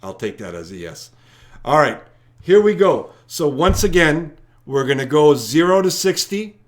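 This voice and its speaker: A man's voice: fairly high pitch, big pitch swings, unhurried. Chatty man hosting live trivia. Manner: chatty, addressing viewers directly. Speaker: trivia host.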